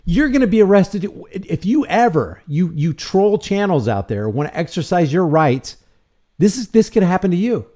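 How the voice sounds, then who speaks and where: A man's voice: high voice, very animated, moderate pace, warm tone. Guy ranting over a video clip, sarcastic and fired up, voice jumps all over the place. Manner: indignant, sarcastic, rhetorical questions. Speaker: commentary channel host. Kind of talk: reaction commentary over video.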